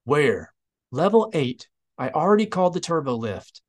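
A man voicing a brisk, wry female rebel commando in an audiobook reading. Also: low voice, big pitch swings, a little mellow, pitched above the performer's own voice.

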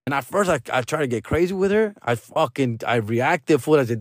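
A man's voice: medium pitch, lively intonation, fairly quick, hardly any pauses, no echo, clean studio sound. A man telling a story in a casual, profane, laid-back monologue, slipping in Spanish slang. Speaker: vlog host.

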